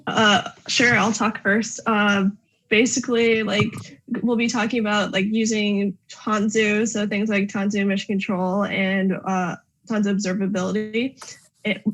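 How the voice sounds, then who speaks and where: A woman's voice: medium pitch, little pitch movement, measured pace, a bit bright. Casual woman with lots of "like". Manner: casual, heavy use of "like". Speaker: conference speaker. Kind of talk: casual chat.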